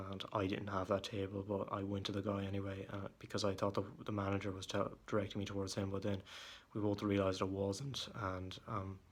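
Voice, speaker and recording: A young man talks alone in a room at home, his low, deep voice nearly monotone and now and then cracking. He speaks haltingly, fills gaps with ums, and sounds irritated as he vents. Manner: hesitant, halting, with many fillers and restarts; irritated, venting. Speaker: vlogger. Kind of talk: casual monologue.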